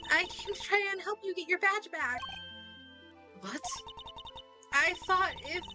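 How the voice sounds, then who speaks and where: Woman reading a timid, stammering young game heroine, high voice, game music behind. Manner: hesitant, stammering.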